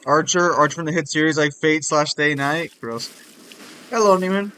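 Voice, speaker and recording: A young man streaming a video game, chatting excitably and swearing a lot. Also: a little high, moderate pace, smooth. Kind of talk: casual gaming stream chat.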